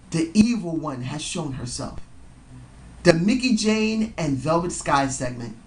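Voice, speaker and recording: A man reviewing a wrestling show in a casual vlog. He is hoarse from yelling and short on sleep, slightly slurring, and talks like a rambling, excitable fan. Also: high voice, a little hiss or hum.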